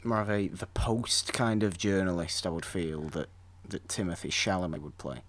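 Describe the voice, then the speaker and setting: Enthusiastic low-voiced man chatting about film. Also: moderate pace, a bit bright. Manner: enthusiastic, rambling with restarts. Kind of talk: casual film discussion.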